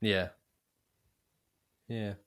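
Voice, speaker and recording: A man's voice: lowish voice, steady tone, very slow, a bit bright, clean tone. A man co-hosting a casual podcast, making dry jokes and laughing easily. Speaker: podcast co-host. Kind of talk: casual chat.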